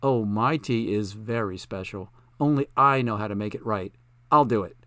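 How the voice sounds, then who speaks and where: A man's voice: on the low side, moderate pace, fairly bright tone, no echo, close to an everyday voice. A male narrator voicing a confident, self-assured woman who works as a fortune teller. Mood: breezy.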